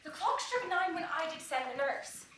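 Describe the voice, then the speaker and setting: Stage role: a young woman playing an eager lovestruck girl, high bright voice, echoey and distant. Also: moderate pace, a little hiss or hum, full character voice. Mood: impatient. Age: young adult. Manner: swings from brooding to excited outbursts. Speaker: student actor. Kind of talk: stage acting. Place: theatre stage. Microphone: far camera. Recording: echoey stage, filmed from far off.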